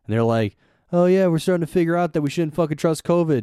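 A man's voice: on the high side, quick pace, mellow, smooth, dry recording, clean studio sound. Blunt, swearing podcast co-host man. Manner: blunt, swears a lot, mocking put-on voices. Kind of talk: casual profane chat.

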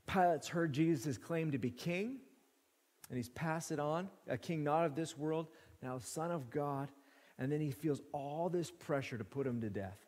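A man with a high voice preaches a sermon, walking through the text and pressing his points by saying them twice. His words ring out with the long reverb of a large hall. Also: normal speed, a little mellow. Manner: emphatic, repeats phrases for stress. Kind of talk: expository sermon.

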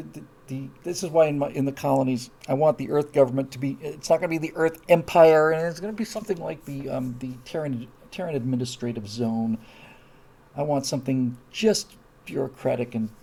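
A man chats casually through viewer comments on his stream, wry and digressive, often breaking off mid-thought. His voice is gravelly with a dark, mellow tone. He sits at a middle pitch for a man. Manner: wry, digressive, self-interrupting. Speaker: live-stream host reading viewer comments. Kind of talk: casual rambling chat.

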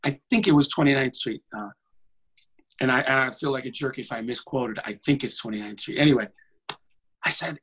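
A man, a tenor singer, telling comic stories in a conversation in an animated way. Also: mid-range voice, a little fast, husky, low-quality recording. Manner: animated, jumps into voices.

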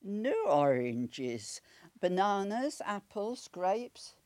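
A kindly elderly foreign lady, as an old Welsh woman puts her on, speaking in slow, halting scraps of broken English. Each word is drawn out and set apart, in a close, dry sound with no room around it. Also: medium pitch, sing-song, a little mellow, no room sound, voice pushed up. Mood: hesitant. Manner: slow, halting, few words at a time.

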